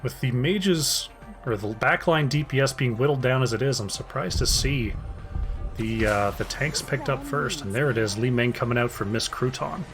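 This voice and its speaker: A man's voice: medium pitch, moderate pace, fairly bright tone, faint music behind. A man casting an esports draft solo, chatty and casual, talking to his chat between picks. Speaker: esports caster.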